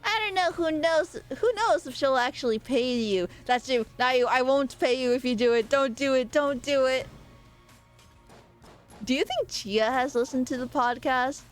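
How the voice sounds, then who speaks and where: A young woman with a bright, high voice chats while she plays, bouncing between chatter and shrieking outbursts. She swears freely and reacts loudly to the game. Soft music runs faintly underneath. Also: moderate pace. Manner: excitable, swears freely, loud playful outbursts. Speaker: streamer. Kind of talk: casual live-stream gaming commentary.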